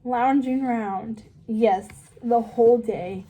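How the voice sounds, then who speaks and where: A dim, vain young servant girl chatters dreamily to herself, as a woman reading a storybook puts her on. Her voice is mellow and slightly high, and she talks unhurriedly. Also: slow, slightly rough, highs cut off. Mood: pleased.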